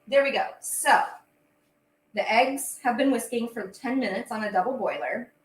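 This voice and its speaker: A young woman hosts a casual livestream while baking, chatty and bubbly with frequent fillers; she is a host and singer. Her voice sits on the high side at a moderate pace, in an echoey room with faint ambience.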